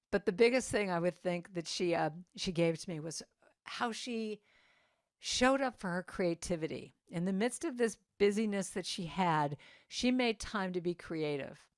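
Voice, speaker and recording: A woman's voice: mid-range voice, dry recording, clean studio sound. Woman musician telling personal stories. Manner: conversational, acts out quoted dialogue. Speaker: musician and singer-songwriter speaking to a congregation. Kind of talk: personal storytelling talk. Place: church service.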